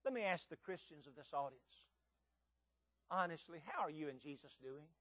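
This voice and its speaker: A man's voice: on the high side, expressive, normal speed, a bit bright, no echo. A man preaching a sermon, earnest and emphatic, with pressing rhetorical questions.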